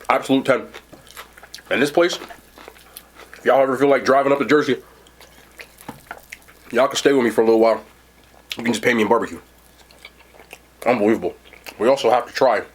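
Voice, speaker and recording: A man's voice: fairly low pitch, fairly bright tone, a little hiss or hum. A man hosting a casual mukbang food review, chatting to viewers while he eats. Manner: chatty, talks while eating. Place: seated indoors at home.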